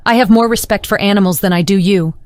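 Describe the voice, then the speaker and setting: A woman's voice: medium pitch, quick pace, a little mellow, no room sound, natural voice. A woman narrator voicing a defiant young woman warrior who screams her lines in fury. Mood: furious. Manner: screaming, fierce.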